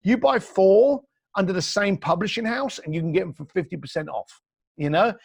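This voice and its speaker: Animated blunt man, lively voice. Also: high voice, normal speed, vocal fry, breathy edge, no echo. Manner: blunt, energetic, acts out quoted dialogue. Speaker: entrepreneur guest. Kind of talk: animated storytelling advice.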